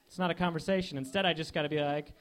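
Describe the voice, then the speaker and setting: Young man doing deadpan stand-up. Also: a little high, rapid-fire, noisy background. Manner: deadpan one-liners with lots of filler "like". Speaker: stand-up comedian. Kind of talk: stand-up set. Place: comedy club stage.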